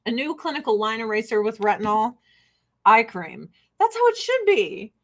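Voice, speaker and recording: A woman's voice: a little high, big pitch swings, moderate pace, fairly bright tone. An American woman hosting a casual livestream, talking bluntly and swearing freely while she laughs often and sells skincare. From United States. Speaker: livestream host selling skincare.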